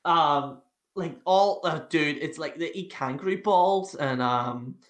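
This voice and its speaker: A man's voice: on the high side, slow, fairly bright tone. A man hosting a podcast, telling rambling stories with lots of swearing and laughter. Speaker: podcast host. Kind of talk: casual chat. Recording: roomy echo.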